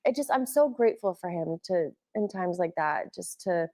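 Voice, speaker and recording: A woman's voice: fairly low pitch, animated, normal speed, dark tone. A woman in her thirties, a former wrestler, talking openly and emotionally as an interview guest, with many "like"s. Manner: open, emotional, uses "like" a lot. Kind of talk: candid interview conversation.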